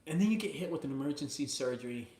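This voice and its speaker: A man hosting a live video from his mother's house, chatting casually and excitedly to viewers, rambling between hype and emotion. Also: fairly high pitch, fast talker, roomy sound. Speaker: junk removal business owner hosting a live video.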